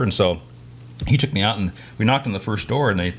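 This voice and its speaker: A man who is a massage therapist co-hosts a podcast, chatting casually and telling stories from his working life in a quick, chatty way. His voice sits on the low side, and there's a little hiss or hum.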